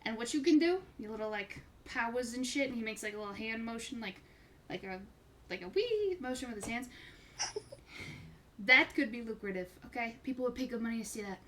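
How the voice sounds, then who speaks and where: A woman voicing a fast-talking male hustler who pitches schemes like a carnival barker, with a bright, high voice over an online call. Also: animated. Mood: pushy pitching. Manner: carnival-barker sales pitch, repeats "okay?" and "listen".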